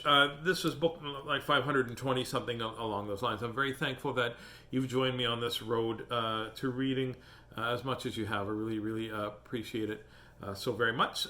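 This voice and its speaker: A man's voice: mid-range voice, pushed and bright. A man reading children's books aloud as host, with playful, joking asides. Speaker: children's book reader and host. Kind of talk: reading aloud and casual chat. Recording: echoey room.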